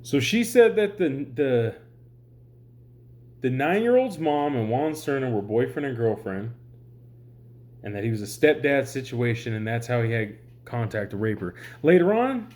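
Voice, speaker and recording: Speaking at a measured pace, a man with a medium-pitched, darkish voice rants very animatedly to his viewers. He's an exhausted, sleep-starved online commentator, rambling in exasperation and swearing often in a heated vlog.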